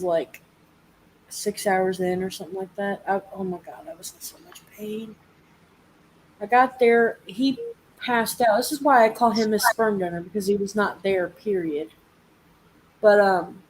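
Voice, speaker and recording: A woman's voice: mid-range voice, a little hiss or hum, low-quality recording. A young woman telling a story in casual chat, swearing freely and laughing often. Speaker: live chat host.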